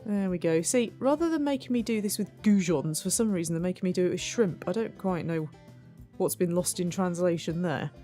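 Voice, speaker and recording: A woman's voice: fairly low pitch, a little fast, warm tone, soft background music. A woman hosting a cooking game playthrough, chatting to herself and poking fun at her own mistakes. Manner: chatty, self-mocking, talks to herself. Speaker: let's play host. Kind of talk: gameplay commentary.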